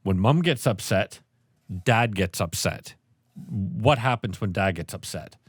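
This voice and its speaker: A man's voice: on the low side, a little slow, slightly rough, dry recording, studio quality. A man in his thirties co-hosting a podcast, telling family stories in casual chat and swearing often. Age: 30s. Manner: animated storytelling, swears often. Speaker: podcast co-host.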